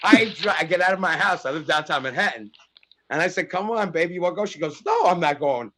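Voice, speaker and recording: A middle-aged man tells a street story in a casual podcast chat. His voice sits high, and he acts out each person's lines with lively swings. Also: fast. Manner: animated storyteller acting out dialogue. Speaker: actor guest.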